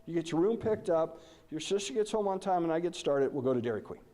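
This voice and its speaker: A woman's voice: fairly low pitch, expressive, fast talker, mellow, close to an everyday voice. A man voicing a patient mother who speaks in a soothing but firm way. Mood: coaxing.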